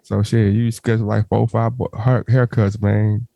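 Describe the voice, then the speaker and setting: A man's voice: lowish voice, level tone, moderate pace, creaky, dark tone, dry recording. A man co-hosting a podcast, chatting casually and joking around. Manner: joking, breaks into mocking put-on voices. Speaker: podcast co-host. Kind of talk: casual banter.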